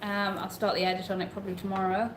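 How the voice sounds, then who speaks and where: A woman's voice: medium pitch, level tone, fast talker. A woman co-hosting a live travel chat, talking casually with lots of hedging and reading out questions from viewers. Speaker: co-host of a travel livestream. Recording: echoey room with faint background noise.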